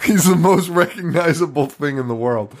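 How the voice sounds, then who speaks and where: A man's voice: fairly high pitch, moderate pace. A man co-hosting a podcast in casual chat, swearing freely and breaking into laughter all the time. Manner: profane, laughs constantly, excitable. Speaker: podcast co-host.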